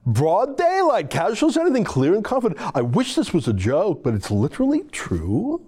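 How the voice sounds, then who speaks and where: A man's voice: huge pitch swings, normal speed, warm tone, husky, full character voice. A man putting on a mocking, exaggerated voice to play a self-righteous young male activist. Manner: mocking, exaggerated high-pitched reading voice.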